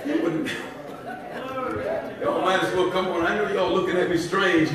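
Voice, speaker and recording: A man preaching a sermon, shouting in call-and-response style. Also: high voice, steady tone, normal speed, crowd noise. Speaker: bishop. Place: church sanctuary. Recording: echoey church room from far off, congregation.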